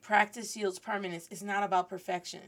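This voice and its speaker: A woman hosting a lively Spanish lesson, playfully acting out little scenes and drilling words for her class to repeat. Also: medium pitch, brisk, very noisy. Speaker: Spanish teacher and host. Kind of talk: energetic language lesson.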